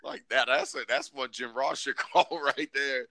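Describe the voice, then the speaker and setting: A man co-hosting a podcast in casual chat, joking and acting out quoted lines in squeaky voices. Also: measured pace, no echo. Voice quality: animated, joking, acts out quotes in high voices. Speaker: podcast co-host.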